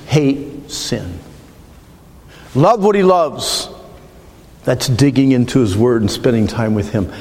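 A middle-aged man preaching a sermon, telling a personal story in an earnest, emotional, halting way and ending in prayer. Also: mid-range voice, animated, darkish tone. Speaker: pastor. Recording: long reverb of a large hall.

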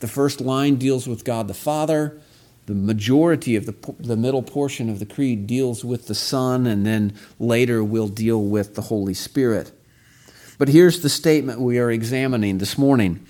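A pastor delivering a Sunday sermon, reading scripture aloud with slow, emphatic stress on key phrases. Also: male voice, mid-range voice, darkish tone.

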